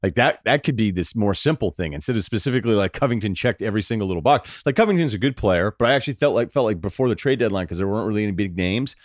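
Fast-talking low-voiced man, sports guest. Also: no room sound, clean studio sound. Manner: rapid, animated storytelling with lots of fillers. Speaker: podcast guest. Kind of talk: casual sports chat.

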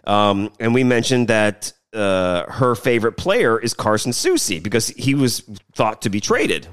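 Rambling, animated podcast co-host man. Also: on the low side, unhurried, smooth. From South Louisiana. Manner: rambling, animated storyteller with many restarts. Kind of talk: casual chat.

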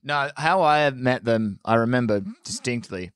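A man, a band member explaining things in a relaxed way, with many fillers. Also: mid-range voice, measured pace, clean tone, no room sound. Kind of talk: casual chat.

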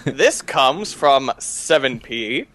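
A man's voice: mid-range voice, animated, extremely slow, a bit bright. A man guesting on a casual podcast chat, playful and often laughing. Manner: giggly, playful. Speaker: guest co-host.

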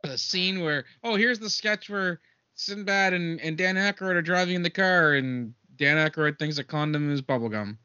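A sarcastic guest on a movie podcast, a man from Canada. His voice is bright and a little high, with a dry wit. The recording is dull and dry. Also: normal speed, clear, resonant tone, dry recording. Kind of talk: casual chat.

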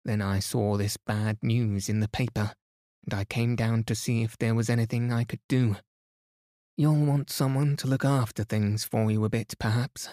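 A man's voice: fairly low pitch, fairly even intonation, normal speed, warm tone, no room sound, studio quality, close to an everyday voice. A man voicing an earnest young captain explaining himself plainly in a bedtime story. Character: young male captain back from the tropics.

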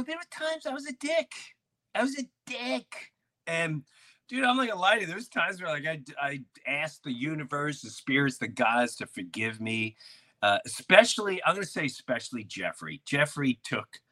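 A podcast host who grew up in a city neighborhood near an airport tells stories in a casual chat. His bright, mid-range voice is animated, with many restarts and acted-out quotes.

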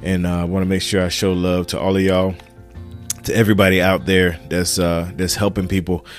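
A man's voice: deep voice, level tone, brisk, soft background music. Fired-up man preaching podcasting. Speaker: podcast host. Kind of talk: casual motivational podcast monologue.

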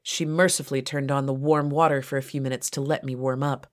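A woman author narrating her own first-person story in a steady, low-key reading. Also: fairly quick.

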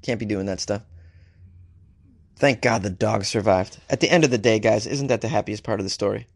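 A man hosting a solo comedy podcast, joking his way through odd news stories with lively asides. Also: lowish voice, brisk, vocal fry, dry recording. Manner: animated, joking, reads news aloud with asides. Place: home studio, Los Angeles.

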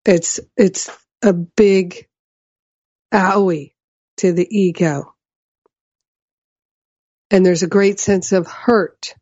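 A woman giving a measured spiritual teaching talk, explaining ideas and often checking in with "right?". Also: mid-range voice, a little mellow, dry recording, highs cut off.

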